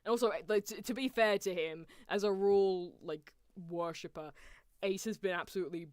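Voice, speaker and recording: A woman's voice: mid-range voice, a little fast, clean tone, no room sound, studio quality. A woman streamer giving casual, giggly watchalong commentary and asking her chat questions.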